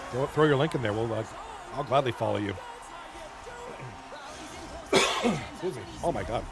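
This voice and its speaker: Man, esports commentator, casual, swears, clears throat, mid-pitched voice. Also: animated, a little slow, long pauses, loud music behind the voice. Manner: loose, chatty, swears, clears throat often. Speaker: league stream commentator.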